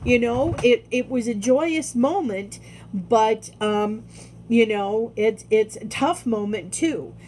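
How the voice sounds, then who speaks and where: A woman speaking candidly in a personal video diary, halting often and restarting her sentences. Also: on the high side, darkish tone, a little hiss or hum. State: tearful. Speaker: vlogger.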